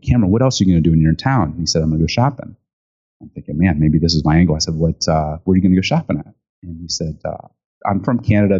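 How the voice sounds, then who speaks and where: A low-voiced man, a guest who speaks and writes about gifting, tells a story animatedly in an interview. He acts out quotes and uses many fillers, and the recording sounds dull and lo-fi.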